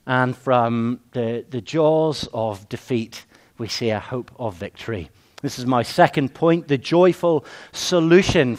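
A man preaches a sermon at a medium pitch. He piles up repeated phrases and slows right down on the words he wants to land.

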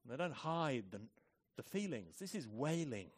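A man preaching a sermon, moving between hushed, measured reflection and loud, forceful emphasis. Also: on the high side, very animated, breathy edge.

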